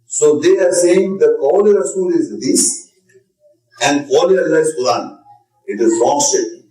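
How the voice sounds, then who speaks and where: Man, insistent religious lecturer, slightly high voice, recorded from afar in a reverberant room. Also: unhurried, dark tone. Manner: insistent, repetitive, emphatic. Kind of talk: religious lecture with audience questions. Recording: echoey room, distant mic.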